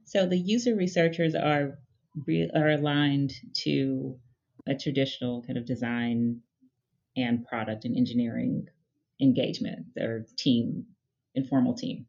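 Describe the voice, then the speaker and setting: A woman's voice: rumbling low, steady tone, unhurried, gravelly, a little mellow, highs cut off. A woman guest in an interview, explaining her research team in a thoughtful, conversational way with frequent fillers. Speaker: guest, head of user research.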